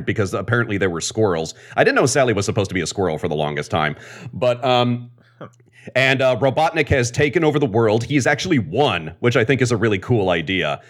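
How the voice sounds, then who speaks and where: A man with a fairly low voice talks casually on a podcast. He rambles through his explanations with enthusiasm and plenty of asides. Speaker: podcast guest, comics expert.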